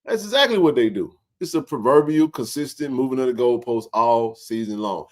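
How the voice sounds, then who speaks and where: A man hosting a casual sports livestream, animated and joking in colloquial speech. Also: medium pitch, fairly quick. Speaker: sports talk show host.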